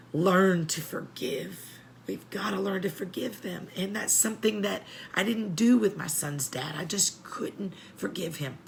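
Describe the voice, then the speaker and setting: Her voice is medium-pitched and creaky, with a little hiss or hum in the recording. A middle-aged woman, she hosts a support show for families of prisoners, earnestly sharing heartfelt advice and growing choked up as she repeats herself.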